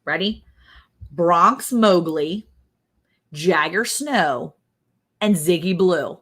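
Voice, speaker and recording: A woman's voice: fairly low pitch, lively intonation, extremely slow, fairly bright tone, slightly rough. A woman hosting a casual livestream, quizzing her co-host and reading viewer comments aloud. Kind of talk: casual chat, running a guessing game.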